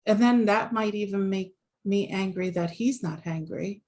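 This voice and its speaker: A woman relationship coach talking casually as a guest, animated, with many fillers and restarts. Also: medium pitch, normal speed. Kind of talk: casual conversation.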